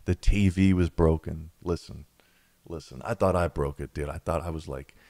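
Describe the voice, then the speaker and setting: A man's voice: rumbling low, steady tone, normal speed, mellow. A young man tells a travel story in a casual, rambling way, often saying "man" and "dude". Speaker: vlogger telling a travel story.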